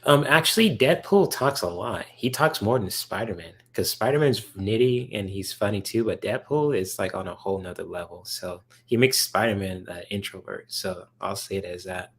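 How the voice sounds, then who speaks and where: A man on the low side speaks at a moderate pace with hardly any pauses and a fairly bright tone. On his casual livestream he rambles through answers to viewers' chat questions, heavy on fillers and eager about comics.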